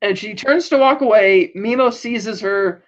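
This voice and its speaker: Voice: mid-range voice, measured pace. A podcast co-host talking through a TV episode in a casual, rambling way. Sentences restart and quoted lines get acted out along the way. The recording sounds muffled and lo-fi.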